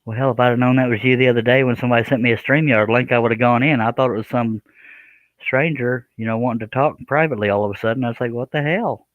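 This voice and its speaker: A man's voice: mid-range voice, fairly even intonation, rapid-fire, no room sound, phone-quality sound. A man hosting a live stream, chatting casually in a joking, rambling, self-deprecating way. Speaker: live stream host, scroll saw artist.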